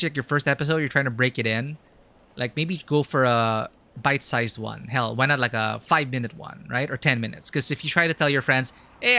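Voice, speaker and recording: A man's voice: mid-range voice, pushed and bright. A male streamer in casual let's-play commentary, chatty and rambling, with many "like" asides.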